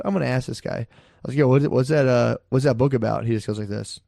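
A man's voice: medium pitch, rapid-fire, vocal fry, dark tone, dry recording, clean studio sound. A man casually telling profane, laid-back stories, laughing as he talks. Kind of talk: casual storytelling chat.

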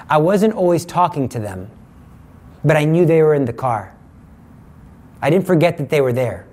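A middle-aged man giving a conversational sermon, teaching with lively examples and acted-out quotes. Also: on the high side. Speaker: preacher.

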